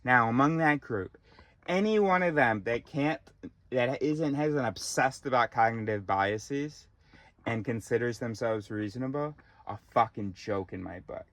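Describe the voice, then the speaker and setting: A man's voice: mid-range voice, measured pace, fairly bright tone, no room sound. A man ranting in a profane, exasperated monologue, recorded in a car. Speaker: vlogger.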